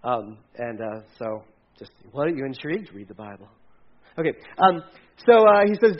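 A man preaching a sermon in a casual, animated way, acting out quotes and sometimes dropping his voice low. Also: fast, lo-fi sound. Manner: conversational, animated, acts out quotes, drops to hushed tones. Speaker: pastor.

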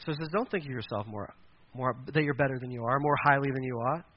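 A man's voice: medium pitch, quick pace, lo-fi sound. A pastor preaching a sermon in a conversational way, acting out quoted voices as he goes.

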